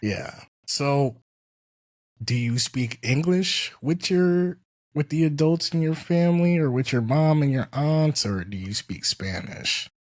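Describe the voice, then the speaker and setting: A man's voice: fairly high pitch, lively intonation, takes it slowly, dry recording. A man from the US East Coast hosting a casual interview, talking in an easygoing, rambling way with frequent fillers. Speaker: podcast host.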